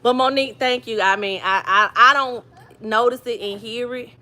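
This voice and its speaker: A woman's voice: fairly high pitch, normal speed, sharp tone. A woman from New Jersey chatting casually with viewers on a livestream, telling stories and greeting people by name. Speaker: vlogger hosting a livestream.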